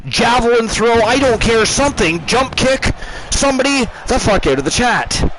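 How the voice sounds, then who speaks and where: Canadian man, stream host, high lively voice, drags out words in mock outrage. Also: moderate pace, background noise. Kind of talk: casual game-stream commentary.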